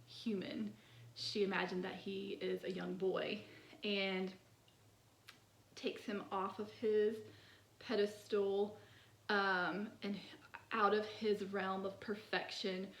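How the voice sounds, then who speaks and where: Woman, poetry host, casual chatty talk, "like" fillers, slow, creaky, echoey room. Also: medium pitch, a little hiss or hum. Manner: chatty, many "like" fillers, soft laughs.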